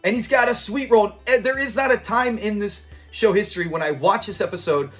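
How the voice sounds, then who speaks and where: A man casually recapping a sitcom episode for his channel, animated and laughing often as he retells the scenes. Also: high voice, a little fast, soft background music. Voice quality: animated, laughs often, acts out characters' lines. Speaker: YouTube episode reviewer.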